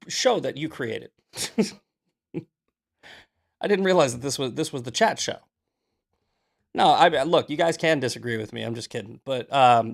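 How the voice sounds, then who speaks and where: A young man with a slightly high voice and noticeable vocal fry hosts a political livestream. Answering his chat, he gets combative, ranting and arguing heatedly.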